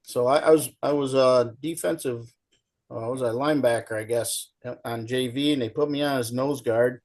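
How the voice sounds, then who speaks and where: A man's voice: medium pitch, moderate pace. A middle-aged man telling folksy stories in casual chat as a show guest, acting out the people in them. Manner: folksy, animated storyteller, acts out shouting coach.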